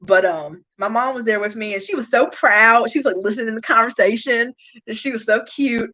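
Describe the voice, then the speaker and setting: A woman's voice: on the high side, a little fast, sharp tone, rough recording. A woman, chatting casually and confiding in viewers on a live stream. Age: late 20s. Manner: emotional, confiding, talks straight to chat. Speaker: YouTube beauty vlogger.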